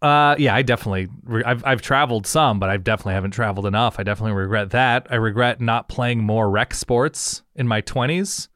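A man in his thirties co-hosts a podcast in casual chat, his mid-range voice fairly bright, recorded in clean studio quality without room sound. He probes with rapid-fire questions, one after another.

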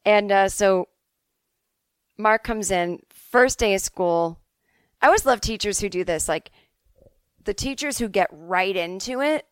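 A woman's voice: medium pitch, lively intonation, measured pace, pauses often, clean tone, no room sound. Woman in her 40s from the boston suburbs, chatty podcast host, swears and laughs easy, dry close sound. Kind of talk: solo podcast monologue answering listener emails.

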